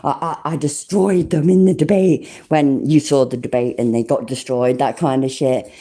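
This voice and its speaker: A woman in her forties chatting casually on a livestream, reading chat out, swearing a lot and exclaiming loudly. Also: very deep voice, fairly even intonation, moderate pace, breathy edge. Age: 40s. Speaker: livestream host.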